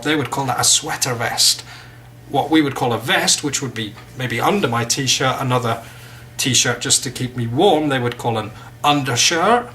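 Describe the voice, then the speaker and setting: Brief: English male teacher, bright, forceful tone, chatty and jokey. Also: medium pitch, slight background noise. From England. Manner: chatty, joking asides. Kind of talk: casual vocabulary lesson.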